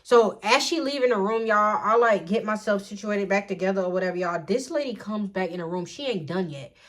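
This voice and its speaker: This storytime vlogger is a young adult woman whose medium-pitched voice has a fairly bright tone. Casual and chatty, she wanders off on tangents while sharing a personal story, turning to her viewers again and again with a constant "y'all."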